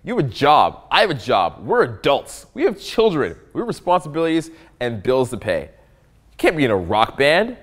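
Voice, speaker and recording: A man's voice: medium pitch, wildly swooping pitch, normal speed, fairly bright tone. A man putting on the voice of an exasperated, practical wife who scolds her husband. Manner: incredulous, scolding.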